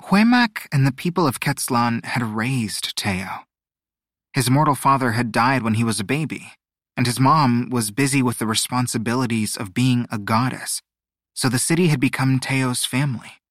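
A man narrating a storybook audiobook, expressive and measured. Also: mid-range voice, no echo, clean studio sound. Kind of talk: scripted narration.

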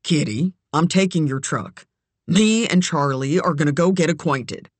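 A woman doing a calm, wry ex-convict dad. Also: deep voice, measured pace, slightly rough, no room sound. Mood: coaxing. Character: middle-aged man, ex-convict father, easygoing.

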